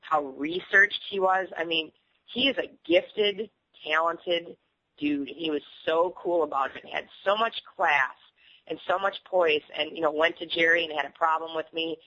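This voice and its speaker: The speaker is a woman being interviewed who speaks openly, laughing often as she animatedly recounts stories. She talks at an ordinary speed in a low register, with a muffled, radio-like sound.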